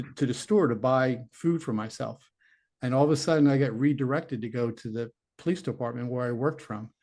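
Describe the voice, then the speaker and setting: Speaking at medium pitch with a darkish tone, a middle-aged man who went from police detective to psychic medium shares a lengthy personal story as an interview guest. He rambles earnestly and voices his own inner thoughts aloud.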